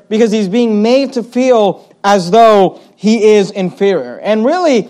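A man preaching an evening Bible sermon, conversational, with many fillers and restarts, reading verses slowly and then putting them in everyday words. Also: sits high, warm tone. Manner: reads scripture slowly and paraphrases it in everyday speech.

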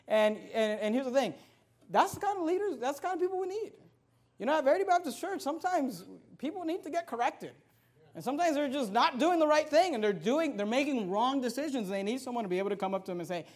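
High-voiced man preaching a sermon. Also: expressive, quick pace. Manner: conversational storytelling that builds to forceful preaching. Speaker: pastor.

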